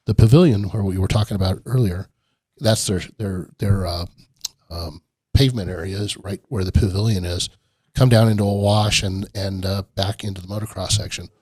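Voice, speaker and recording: A man's voice: on the low side, darkish tone, no echo. A middle-aged man, a podcast guest, telling a long rambling story in a casual interview and laughing often. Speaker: podcast guest, off-road park owner.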